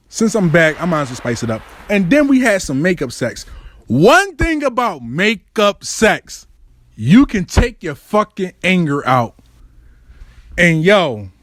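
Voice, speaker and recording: Clean studio audio with no room sound captures a man on his own show recounting a personal story. The monologue is profane and slangy, and his animated delivery swings between high and low registers.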